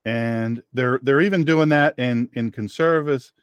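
A man's voice: medium pitch, unhurried, smooth, no room sound, dull audio. Opinionated male talk show host. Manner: opinionated, rambling, repeats phrases for emphasis; reads listener chat messages aloud. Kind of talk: political talk radio monologue.

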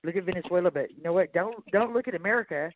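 A man speaking on a talk radio call, halting and stammering as he restarts his phrases. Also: sits high, no room sound. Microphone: phone. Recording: dry tinny phone line.

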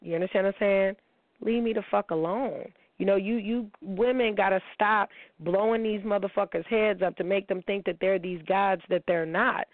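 A middle-aged woman rants on a radio talk show, blunt, profane and confrontational. Her voice sits at an ordinary middle pitch. The sound is dry and squeezed into a thin, phone-like band. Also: fairly even intonation, moderate pace, no echo. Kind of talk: unscripted radio monologue.

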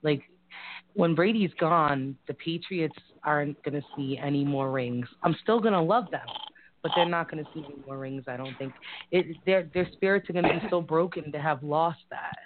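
A woman with a deep voice and a Boston-area Massachusetts accent co-hosts a casual live talk show at a moderate pace. She rambles and is frank and giggly. The audio is tinny and phone-like, with a noisy background.

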